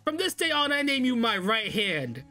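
A haughty scheming mother villain from a monster-catching game, speaking in a lower, darker register with grand, theatrical pomp, as a male gamer puts her on. A lively, animated delivery swings through each pompous line. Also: moderate pace, faint music behind, heavily acted.

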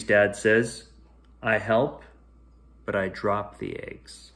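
A man reads a picture book aloud as a bedtime story, unhurried and gentle. His voice sits at an ordinary middle pitch, lifting into sing-song highs and sinking to soft hushed lines as the story moves. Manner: gentle, expressive reading with sing-song rises and hushed drops. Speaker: storyteller reading to children.

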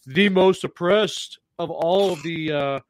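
A man's voice: on the high side, slow pace, slight background noise. A man co-hosting a talk radio show, emphatic and rambling with lots of fillers. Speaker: radio co-host. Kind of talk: political talk radio chat.

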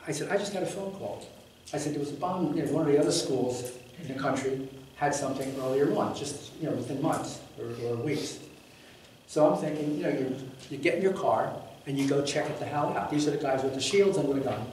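A man's voice: on the high side, brisk, a little mellow. Blunt man rambling in an echoey hall. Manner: blunt and emphatic, swears freely. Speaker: public commenter at a school board meeting. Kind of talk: rambling spoken anecdote. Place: large meeting hall. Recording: very echoey hall, mic far off, faint noise.

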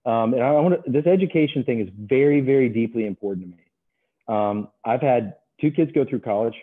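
A man's voice: medium pitch, brisk. Middle-aged man on a tinny line. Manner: animated storyteller, acts out other voices. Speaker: guest, commodities trader. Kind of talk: casual interview talk. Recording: tinny phone-like remote line.

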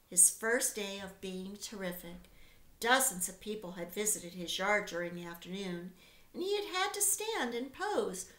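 A woman teacher reading a children's book aloud with expressive storytelling, recorded with a roomy echo. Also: mid-range voice.

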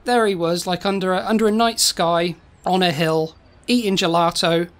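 A woman co-hosting a comedy podcast, telling a rambling tall tale in a deadpan way. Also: fairly low pitch, normal speed. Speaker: co-host.

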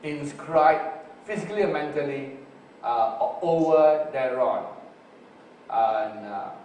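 A male preacher teaching on Greek word roots in a sermon, slow and full of fillers. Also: mid-range voice, animated, a little mellow. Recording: roomy distant recording with faint hiss.

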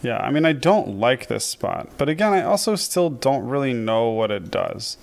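A young man casually commenting on his own chess game, self-deprecating and prone to loud frustrated outbursts. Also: mid-range voice, very animated, normal speed, gravelly. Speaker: chess streamer.

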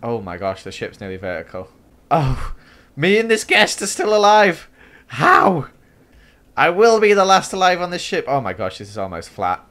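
Animated man reacting to a game. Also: fairly high pitch, moderate pace. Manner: animated, exclaims and gasps often, dramatic reactions. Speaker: gaming YouTuber. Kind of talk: excitable gameplay commentary.

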